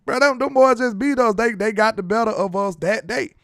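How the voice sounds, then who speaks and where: Young guy hosting football talk, laughs a lot, slangy, kinda high voice, dry sound. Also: brisk, a bit bright, no echo. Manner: laid-back, laughs often, dialect slang. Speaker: sports show host. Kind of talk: casual sports chat.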